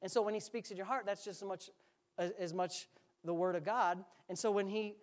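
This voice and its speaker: A man's voice: high voice, fairly even intonation, brisk. Joking, conversational male pastor preaching. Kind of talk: sermon. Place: church sanctuary.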